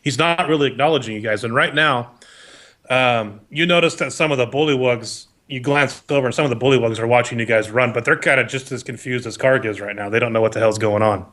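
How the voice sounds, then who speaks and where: A man narrating as dungeon master of a tabletop game, relaxed and a little hesitant. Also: medium pitch, fast.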